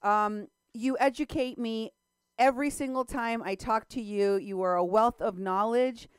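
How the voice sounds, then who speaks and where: A woman's voice: a little high, fairly even intonation, a little slow, smooth, no echo. A woman co-hosting a talk radio interview in a studio, speaking in an impassioned, emphatic way. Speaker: radio show co-host.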